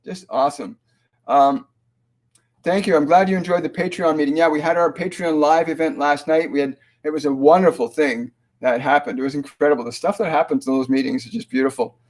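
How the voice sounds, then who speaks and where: Male medium hosting a live stream, slightly high voice, slow and measured, often pausing to restart. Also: fairly even intonation, a little mellow. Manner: halting, with many fillers and restarts; slow, measured delivery when relaying messages. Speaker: spiritual medium and host.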